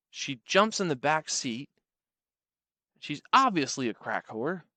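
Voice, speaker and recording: A young man tells comic stories in a wry, rambling, playful way. His voice is bright and smooth. The recording is dry and close. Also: a little high, no room sound. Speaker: comedic storyteller. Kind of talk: comedic storytelling.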